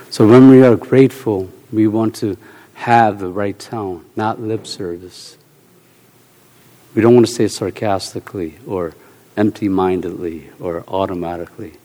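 A man preaching a sermon in an animated, storytelling way, repeating short phrases for emphasis and bursting into loud shouts. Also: fairly low pitch. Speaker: pastor. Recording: long hall reverb.

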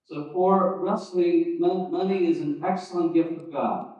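Man, preacher, teaching sermon, chatty with restarts and asides, slightly high voice, heavy church echo. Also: steady tone, unhurried. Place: church sanctuary. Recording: echoey, distant, dull church recording.

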